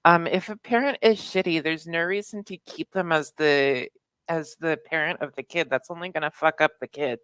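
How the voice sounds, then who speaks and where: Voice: mid-range voice, normal speed, a bit bright, clean tone, no echo, rough recording. A caller on a podcast, speaking earnestly and hesitantly, full of "um"s. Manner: earnest, hesitant, filler-heavy. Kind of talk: personal testimony.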